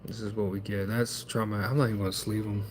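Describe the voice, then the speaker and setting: A man's voice: fairly low pitch, flat delivery, fast, very noisy. A man streaming himself opening trading card packs, chatting in a rambling, wry, self-deprecating way.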